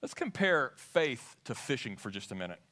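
A man's voice: mid-range voice, very animated, normal speed, bright, forceful tone. A man preaching a sermon in church, asking the congregation questions as he talks. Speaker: pastor. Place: church sanctuary.

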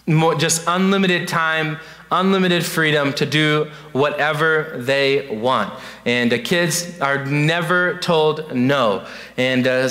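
Earnest youth pastor in a reverberant church. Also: male voice, a little high, bright, forceful tone. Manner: earnest, repeats points, many fillers. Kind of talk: evening church talk. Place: church sanctuary. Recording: long church hall reverb.

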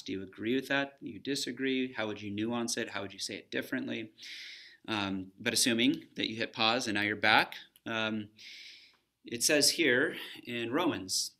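A man's voice: on the low side, gravelly, sharp tone. Conversational male Bible teacher. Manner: conversational, pauses to pose questions. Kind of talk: recorded Bible lesson for students.

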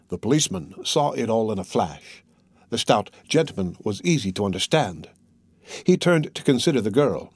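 A man narrating a classic novel audiobook in a steady, measured reading voice. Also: lowish voice, slightly rough, dry recording.

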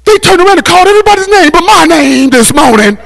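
A man's voice: extremely high pitch, sing-song, fast talker, gravelly, fairly bright tone, pitched above the performer's own voice, full character voice. A man mimicking a whiny, self-pitying churchgoer who complains of being slighted, in a sermon. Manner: whining, near crying.

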